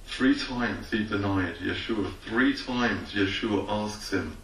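A man's voice: fairly low pitch, slow pace, distant mic, a little hiss or hum. A man preaching a sermon as a rabbi, reading scripture, then acting out imagined conversations. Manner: reads scripture aloud, then preaches with lively acted-out voices. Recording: roomy echo from away from the mic.

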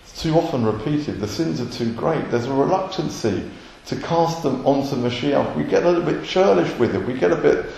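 A man's voice: fairly high pitch, lively intonation, a little fast, gravelly, darkish tone, slight background noise. A man, a messianic rabbi, preaching an earnest sermon and acting out short quotes. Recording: roomy echoey hall.

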